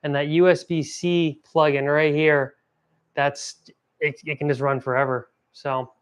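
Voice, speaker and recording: A young man hosts a casual gear review vlog in a slightly high, smooth and resonant voice. He rambles with cheerful enthusiasm, often stopping to correct himself mid-sentence. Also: little pitch movement, measured pace. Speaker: host.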